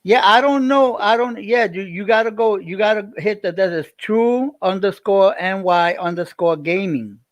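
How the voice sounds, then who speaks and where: Rambling New streamer, slightly high. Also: male voice, normal speed, hardly any pauses, no room sound. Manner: rambling, repeats himself, talks straight to viewers. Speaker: livestreamer. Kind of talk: casual livestream chat.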